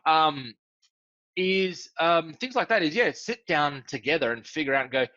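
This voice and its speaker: A man guesting on a casual interview, explaining his consulting approach in an animated way with frequent ums and sudden jumps in pitch. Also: moderate pace, no echo, dull audio.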